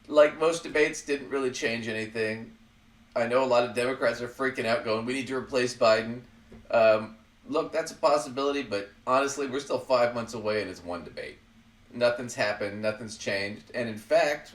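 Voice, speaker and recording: A man hosting a podcast, chatting casually about politics in a blunt, profane way, often laughing at his own jabs. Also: mid-range voice. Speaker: podcast host. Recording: roomy sound, far from the mic.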